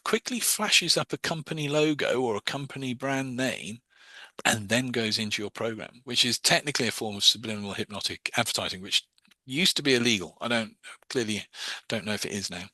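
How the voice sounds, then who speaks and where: Bright-toned man teaching. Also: mid-range voice, a little fast, no echo. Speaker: hypnosis teacher. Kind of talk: casual online class.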